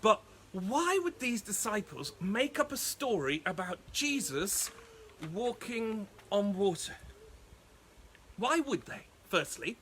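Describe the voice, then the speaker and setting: A man preaching as a pastor, telling a Bible story in a playful, animated way with frequent laughs. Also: high-pitched, slow, slight background noise. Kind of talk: lively Bible storytelling sermon.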